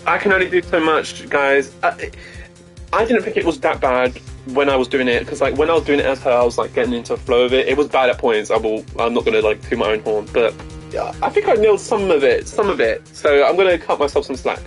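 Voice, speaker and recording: A man's voice: medium pitch, animated, fast talker, soft background music, poor audio. A man live-streaming gameplay, chatting to his viewers in a giggly, self-mocking way.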